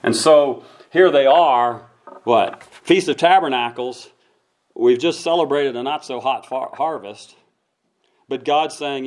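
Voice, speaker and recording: A man's voice: mid-range voice, slow pace. A man preaching a conversational sermon to his congregation, acting out voices now and then. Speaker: pastor.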